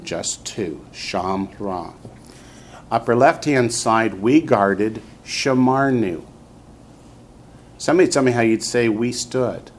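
A man's voice: medium pitch, slow pace. A man teaching a classroom lesson, patiently drilling students and repeating each word for them to copy. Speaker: Hebrew teacher. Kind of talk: classroom instruction.

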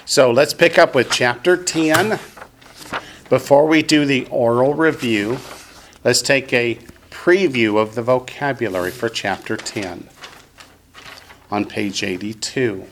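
A man teaching a Hebrew vocabulary lesson to a class, patient and slow, repeating each word for the students. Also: mid-range voice, fairly bright tone, slight background noise.

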